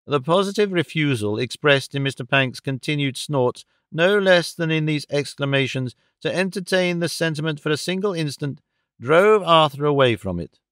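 A man narrating a classic novel as an audiobook, in a measured, steady storytelling manner. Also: fairly high pitch, clean tone, no echo, clean studio sound.

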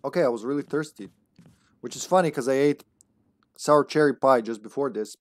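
A man's voice: medium pitch, brisk, no echo. A man streaming a horror game live, chatting casually and rambling, laughing often between remarks. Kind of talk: casual gameplay commentary.

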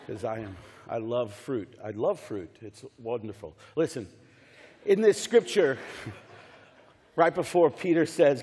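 A man preaching a sermon as pastor, animated and jokey, often repeating his words. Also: mid-range voice, long reverb tail. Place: church sanctuary.

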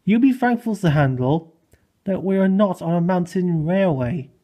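A man voicing a wise, teasing old storybook engine who speaks firmly and wryly, with a husky voice. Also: sits high, animated, normal speed, mellow. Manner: firm, wry.

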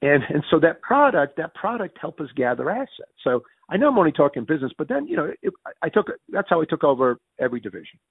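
Gravelly yankee-accent guy telling business stories, husky voice, lively swings in pitch. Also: quick pace, no echo, phone-quality sound. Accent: Northern US. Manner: lively storyteller who acts out quoted dialogue with restarts. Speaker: interview guest. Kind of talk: animated business storytelling.

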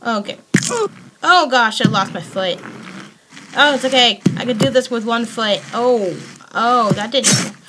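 A woman hosting a casual let's play, talking to herself with frequent excited exclamations. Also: fairly high pitch, unhurried, background noise. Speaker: gaming channel host.

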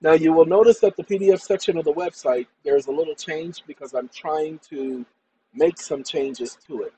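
A man's voice: fairly high pitch, normal speed, poor audio. A tired man hosting a casual online talk, wandering off topic as he works. His delivery is loose and chatty, with a faint hiss under the voice. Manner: rambling, repeatedly addresses "ladies and gentlemen". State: tired after a long day. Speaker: channel host. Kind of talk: casual screen-share tutorial and monologue.

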